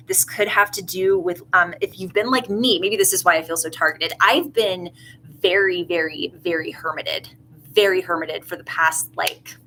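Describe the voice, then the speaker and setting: A woman's voice: fairly low pitch, sharp tone, slight background noise, rough recording. A woman doing a tarot reading in a casual, rambling way, earnest and emotional. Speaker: tarot reader.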